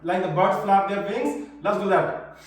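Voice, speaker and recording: Brief: male kids' yoga teacher, high voice, cheerful simple cues, camera far across a very echoey room. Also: expressive, measured pace. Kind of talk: live online yoga class instruction.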